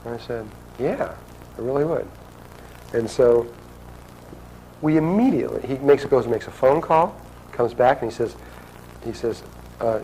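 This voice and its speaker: A man's voice: mid-range voice, expressive, a little slow, pauses often, mellow, slight background noise, poor audio. Man telling a story conversationally. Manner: conversational, acts out quoted dialogue. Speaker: speaker telling a personal story. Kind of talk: storytelling talk to an audience.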